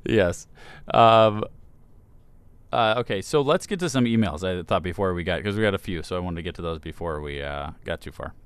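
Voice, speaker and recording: A man's voice: low-pitched, normal speed, clean tone, no room sound. A man hosting a casual podcast chat, reading listener emails and rambling with chuckles. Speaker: podcast host.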